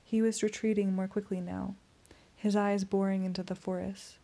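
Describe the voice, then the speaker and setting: A woman narrating a first-person audiobook in a steady, tense storytelling voice. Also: medium pitch, normal speed, creaky.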